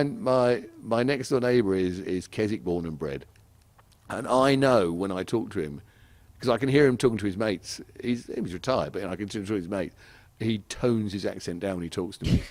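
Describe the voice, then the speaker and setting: A man's voice: fairly low pitch, creaky, dry recording. A middle-aged man from England, telling rambling anecdotes with frequent chuckles as a podcast guest in casual chat. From southeast England.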